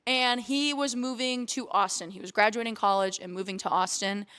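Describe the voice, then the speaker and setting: A woman's voice: mid-range voice, steady tone, moderate pace, a bit bright. A young woman streamer telling a candid, emotional story on her vlog, swearing casually and near tears. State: close to tears. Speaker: streamer and vlogger.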